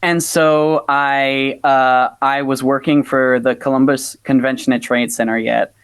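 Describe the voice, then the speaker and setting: An American man, a folk-punk musician, tells an animated story in a casual interview, peppering it with filler words and acting out the voices of others. His voice sits at a middling pitch and sounds dry and close. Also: unhurried, clear, resonant tone, no echo. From United States. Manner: animated storyteller, acts out quotes, many fillers like "like".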